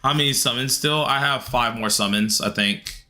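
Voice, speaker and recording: A man streaming a game live, chatting casually with viewers and grumbling loudly at the game in an excitable way. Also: medium pitch, moderate pace. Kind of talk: live-stream gameplay commentary answering chat.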